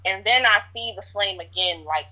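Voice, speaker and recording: A woman's voice: medium pitch, normal speed, sharp tone. A woman telling a story in a casual interview, rambling with lots of fillers. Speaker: interviewee recounting events. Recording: dull lo-fi audio.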